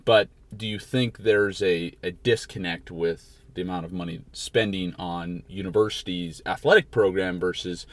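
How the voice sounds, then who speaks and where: Podcast host, man from Canada, low voice, dry close mic, long teasing questions. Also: moderate pace, a bit bright, no room sound. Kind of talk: casual interview.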